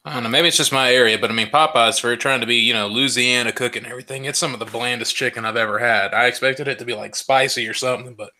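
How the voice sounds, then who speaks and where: A man's voice: mid-range voice, fairly even intonation, fast talker, hardly any pauses, sharp tone. An American man on a livestream panel, giving blunt, opinionated remarks in casual chat. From United States.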